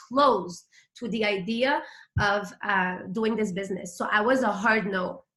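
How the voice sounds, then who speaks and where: A woman's voice: mid-range voice, a little slow, pushed and bright, reverberant. A woman in her thirties with a Quebec French accent, a native French speaker, giving a chatty, hyper motivational business talk as a guest speaker, full of fillers.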